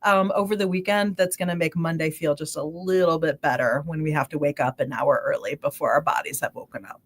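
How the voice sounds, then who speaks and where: A woman scientist, a guest on a livestream, explaining sleep and dreams with lively examples. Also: sits low. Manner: animated, explains with quick examples. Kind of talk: livestream interview.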